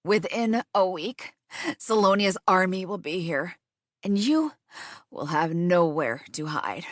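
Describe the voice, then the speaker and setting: A woman voicing a grieving, vengeful young woman who speaks low, hushed and cutting, in an audiobook. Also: lively intonation, slow, dry recording. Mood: threatening. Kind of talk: audiobook character voice.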